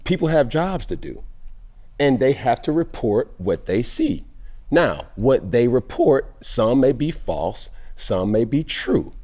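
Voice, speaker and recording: A man's voice: medium pitch, very animated, takes it slowly, a little mellow. A man hosting a casual sports podcast, talking emphatically and firing off rhetorical questions. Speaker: podcast host.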